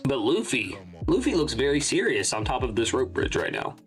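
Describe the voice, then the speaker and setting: Young man, casual manga reaction, rambling and chatty, middle pitch, faint music behind. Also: very animated, normal speed. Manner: chatty, rambling, self-correcting. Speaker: channel host.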